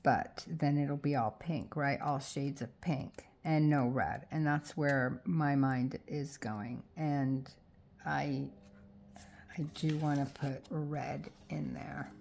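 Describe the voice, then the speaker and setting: A woman's voice: low voice, fairly even intonation, slow, vocal fry, a little mellow. A middle-aged woman vlogging as she crafts, rambling and indecisive as she talks herself into her choices. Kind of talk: casual thinking aloud while crafting.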